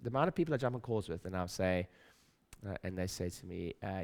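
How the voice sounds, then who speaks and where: A middle-aged man talks from a stage to a seminar audience in a voice sitting on the lower side. He hammers points home by repeating phrases and voicing his own nagging inner thoughts, and he keeps turning to the room with questions. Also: fast talker, a little mellow. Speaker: speaker at a practice-building seminar. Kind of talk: motivational stage talk.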